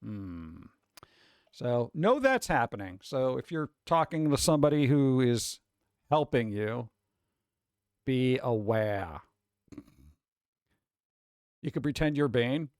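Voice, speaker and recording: A man's voice: medium pitch, big pitch swings, slow pace, pauses often, a little mellow, clean tone, no echo, clean studio sound. A man hosting a live stream, chatting casually, reading chat aloud and swearing now and then. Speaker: streamer host.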